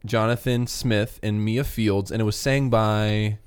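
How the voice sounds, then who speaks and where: A man hosting a casual podcast as a pastor, talking in a playful, jokey way with quick asides. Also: on the low side, fairly even intonation, clear, resonant tone, no room sound.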